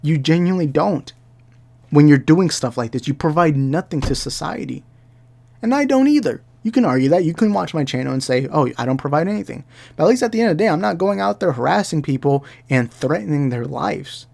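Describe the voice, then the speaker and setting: A man's voice: fairly high pitch, expressive, a little fast, creaky, darkish tone. A young man giving heated commentary, ranting and repeating himself as he talks. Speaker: commentary YouTuber. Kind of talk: angry reaction commentary.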